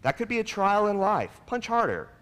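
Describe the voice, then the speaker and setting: Man doing a stern, caring male martial arts coach, lively pitch, reverberant hall. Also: moderate pace, clear, resonant tone. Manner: firm, coaching, then tender.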